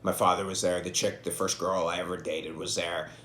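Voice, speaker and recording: A man's voice: low voice, little pitch movement, fairly quick, a bit bright, slight background noise. A man in his thirties hosting a podcast. He rambles through profane, self-deprecating stories in a casual monologue. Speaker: podcast host. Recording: echoey room.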